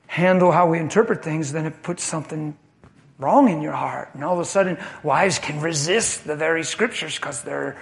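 A man preaching a sermon in an impassioned, animated way, swinging between quiet and loud. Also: a little high, moderate pace, vocal fry.

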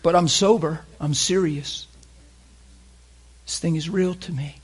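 A male preacher delivering a sermon, fervent and openly emotional, asking the congregation questions and swinging between loud emphasis and hushed near-whispers. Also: fairly high pitch, a little slow, slightly rough.

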